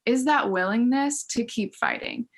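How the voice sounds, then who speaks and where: A woman's voice: fairly high pitch, huge pitch swings, measured pace, creaky. A young adult woman, a podcast guest, talking earnestly in casual interview chat, full of "like" and "um". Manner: earnest, heavy use of "like" and "um".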